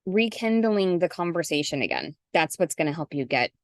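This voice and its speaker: Brief: middle-aged woman sales coach, chatty and animated, dry close video-call mic. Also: on the low side, normal speed, dry recording. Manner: chatty, animated, acts out sample messages. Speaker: guest coach. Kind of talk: casual zoom call.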